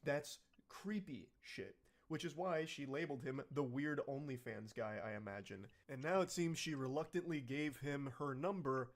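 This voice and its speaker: A man's voice: mid-range voice, normal speed, few pauses. A young man giving blunt, profane reaction commentary in a disgusted tone.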